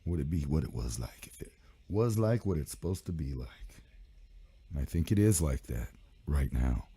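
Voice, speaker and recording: Deep-voiced sick man hosting loosely. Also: expressive, normal speed, warm tone, slightly rough, no echo. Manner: loose, rambling, profane banter. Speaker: radio show host. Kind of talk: casual live stream and radio chat.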